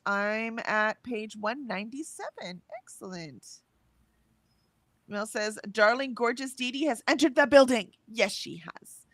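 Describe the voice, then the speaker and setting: A woman co-hosting a livestream, chatting casually and reading viewers' messages aloud with lively lifts in her voice. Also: on the high side, dry recording. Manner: chatty, reads messages with bright lifts, laughs often. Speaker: livestream co-host reading chat.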